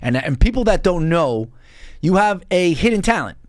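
A man's voice: sits high, sing-song, moderate pace, a little mellow, no room sound, studio quality. A man hosting a podcast interview, asking enthusiastic, encouraging questions. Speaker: podcast host.

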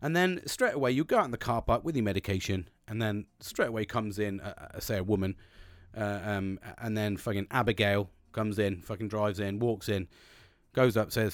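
A man's voice: on the low side, a little fast, no echo, clean studio sound. A young man hosting a podcast, speaking bluntly and earnestly with constant swearing and many restarts. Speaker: podcast host. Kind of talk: casual monologue.

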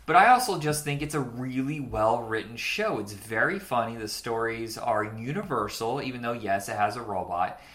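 A man's voice: mid-range voice, animated, normal speed, hardly any pauses, a bit bright. A man in his forties co-hosting a podcast, chatting casually and rambling about old cartoons, laughing easily. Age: 40s. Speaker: podcast co-host.

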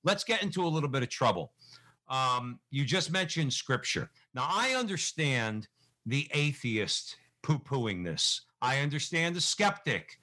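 A man's voice: mid-range voice, big pitch swings, a little slow, sharp tone. A man co-hosting an interview, playful and a little teasing, stammering as he starts his questions. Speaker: co-host. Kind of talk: casual interview talk.

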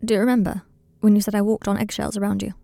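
A woman's voice: mid-range voice, level tone, racing, gravelly, mellow, dry recording. A woman reading the part of a remorseful young man, tearful and apologetic on a late-night phone call. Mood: distressed.

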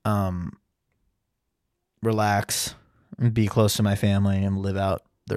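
A young man co-hosting a casual podcast, relaxed and rambling with lots of fillers. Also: lowish voice, a little slow, no room sound, studio quality. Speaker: podcast co-host.

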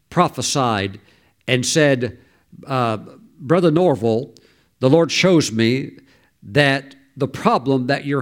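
A middle-aged male pastor preaching a sermon, telling stories and urging his listeners on with fervor. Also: medium pitch. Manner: storytelling preacher who exhorts and laughs loudly.

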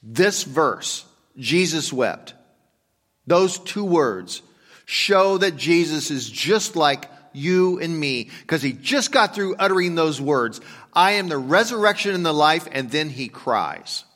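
A male pastor preaching a sermon, moving between hushed, slow reflection and loud, emphatic urging. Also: on the high side, expressive. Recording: long reverb of a large hall.

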